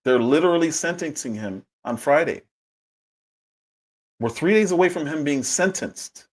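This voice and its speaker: Male livestream host, husky, lively and punchy commentary. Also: moderate pace. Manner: animated, emphatic, with big pitch swings.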